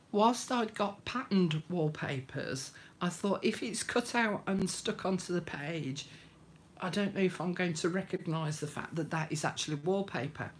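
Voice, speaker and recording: A woman's voice: lowish voice, lively intonation, unhurried, a little hiss or hum. A woman hosting a live craft demonstration, chatting homely and greeting viewers by name. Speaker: craft tutorial host.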